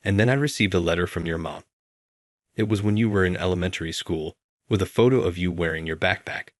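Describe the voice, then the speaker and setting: An older company president speaks with earnest remorse in a storybook narration, voiced plainly by a man. The voice sits very low and sounds dry and close, with no room around it. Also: fairly quick, no echo, lightly acted. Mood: remorseful.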